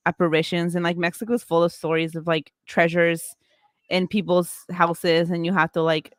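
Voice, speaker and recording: A woman's voice: on the low side, little pitch movement, normal speed, no echo, clean studio sound. A woman telling a family ghost story in casual chat, rambling with lots of fillers. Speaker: paranormal content creator.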